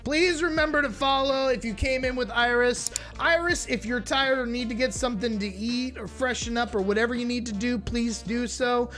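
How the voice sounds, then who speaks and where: This live streamer has an extremely high, sharp voice and speaks at a moderate pace with few pauses, faint music playing behind him. He's chatty and playful, reacting to videos while addressing his chat directly.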